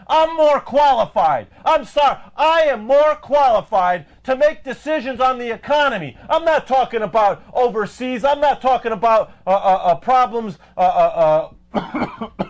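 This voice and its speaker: A man with a very high voice, ranting in heated, indignant bursts and tripping over stammered fillers. He hosts a live show and talks straight to his viewers. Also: rough recording. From United States. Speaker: host of a live web show. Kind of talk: ranting political call-in show.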